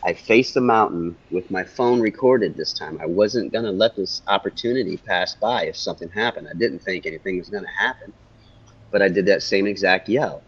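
A man guest in an interview, telling a personal story in an animated way and repeating phrases for emphasis. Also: low-pitched, normal speed, slightly rough. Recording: dull lo-fi audio.

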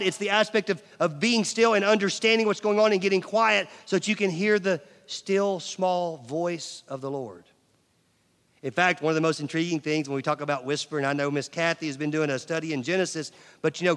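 A middle-aged male pastor preaching a sermon, swinging from loud emphasis to near-whispers and asking the audience questions. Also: high-pitched. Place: large church hall. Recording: long church hall reverb.

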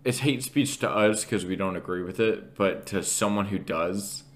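A man's voice: lowish voice, normal speed. A young adult man co-hosting a podcast in casual chat, mostly chiming in with short agreeing remarks. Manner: brief agreeing interjections, laid-back. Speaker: podcast co-host.

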